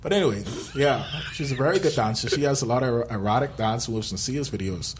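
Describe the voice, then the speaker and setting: A man's voice: medium pitch, brisk, noisy background. A man co-hosting a podcast in casual chat, rambling, joking and laughing often. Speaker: podcast co-host.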